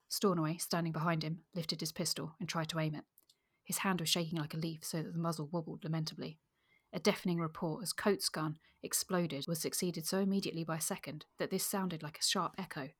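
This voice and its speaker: A woman's voice: low voice, breathy edge. A woman co-hosting a book podcast, discussing a novel and reading a passage aloud. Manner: fillers, lively when excited. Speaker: podcast co-host.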